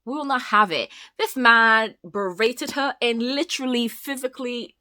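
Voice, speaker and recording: A woman chatting casually through a book review, animated and talkative, acting out the characters as she retells the plot. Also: a little high, no room sound. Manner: animated, chatty, quick asides and voiced retellings.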